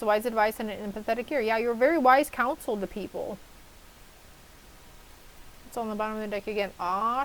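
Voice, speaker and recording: A woman's voice: fairly high pitch, rough recording. A woman giving a casual tarot reading to her viewers, chatty and reassuring, with casual swearing and asides to herself. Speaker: tarot reader.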